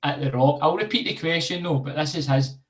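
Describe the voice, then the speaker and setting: A man's voice: a little high, a little fast. A Scottish man hosting a football podcast, laughing and teasing his guests in casual banter. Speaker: podcast host. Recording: echoey room, away from the mic.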